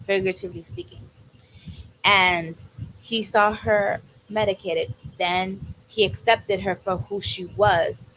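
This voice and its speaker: Fields: Sex: woman. Role: podcast co-host. Style: emotional casual chat. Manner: animated, acts out quoted dialogue. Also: mid-range voice, a little hiss or hum, low-quality recording.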